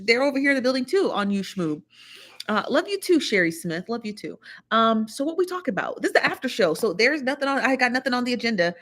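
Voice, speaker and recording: A woman's voice: a little high, fairly bright tone. Chatty woman hosting a livestream. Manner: chatty, greets viewers one by one, lots of laughs. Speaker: livestream host. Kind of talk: casual livestream chat.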